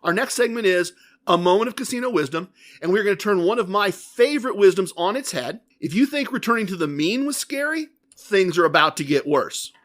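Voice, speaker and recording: A man's voice: high-pitched, animated, a little fast, fairly bright tone. A man hosting a podcast, telling a rambling, self-questioning story in a casual solo monologue. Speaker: podcast host.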